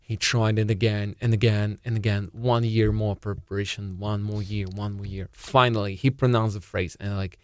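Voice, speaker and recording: A man with a Russian accent, chatting as a comedian co-host, halting and restarting as he tells a joke story. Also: lowish voice, steady tone, dry recording. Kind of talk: casual chat.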